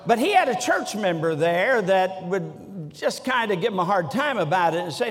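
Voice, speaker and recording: A man preaches with a high-pitched voice, swinging from quiet storytelling to sudden shouts and slow, drawn-out lines. His sermon echoes through a large church sanctuary. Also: very animated. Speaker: guest preacher.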